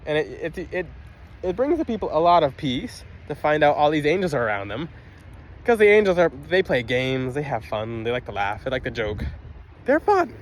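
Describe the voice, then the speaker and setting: Animated man talking outdoors by traffic. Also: on the high side, normal speed. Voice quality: lively, emphatic, rambling with restarts. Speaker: spiritual video host. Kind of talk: casual talk to camera.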